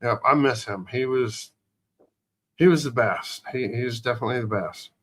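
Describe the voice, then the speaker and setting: A man in casual chat who reminisces fondly and often restarts his sentences. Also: medium pitch. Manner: halting, fond reminiscing with many restarts.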